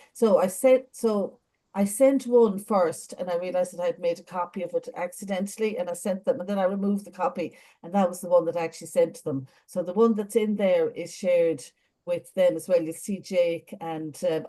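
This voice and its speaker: An Irish woman talking through a video call, briefing trainees in a chatty, rambling way full of little ums. Her voice sits fairly low and sounds soft and mellow rather than bright. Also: fairly even intonation, moderate pace. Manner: chatty, warm advice with many fillers. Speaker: adjudicator training lead. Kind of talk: online meeting briefing.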